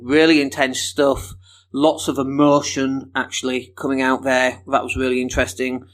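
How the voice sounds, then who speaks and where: A man from Leeds, hosting a casual solo podcast in a chatty, enthusiastic, self-deprecating way. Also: medium pitch. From Leeds, England. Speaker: podcast host.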